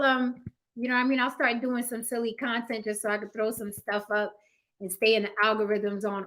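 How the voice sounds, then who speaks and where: A young woman signs off her livestream casually, laughing, reading viewers' comments aloud and teasing them in slang as she talks to chat. Her voice is fairly high-pitched with a sharp tone.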